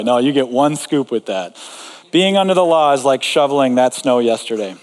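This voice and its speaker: A man's voice: mid-range voice, animated, fairly quick. Conversational male preacher in a reverberant hall. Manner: conversational, with frequent asides and filler words. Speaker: pastor. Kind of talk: sermon. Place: large room before an audience. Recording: long reverb in a large hall.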